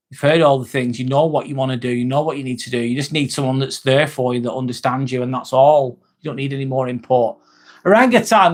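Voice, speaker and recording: A man hosting a live stream, reading viewer comments and giving earnest advice, often repeating himself. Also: mid-range voice. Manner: earnest, repeats himself, calls people mate. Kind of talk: casual live-stream chat.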